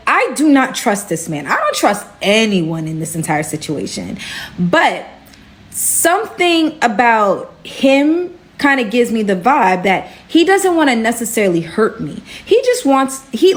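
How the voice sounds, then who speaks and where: A young woman from Brooklyn recounts a wild story for her viewers. She talks animatedly and casually, filling it with "like" and "right?". Her voice sits a touch higher than most women's. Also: normal speed. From Brooklyn, New York. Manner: animated, chatty with frequent "like" and "right?". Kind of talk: storytime vlog.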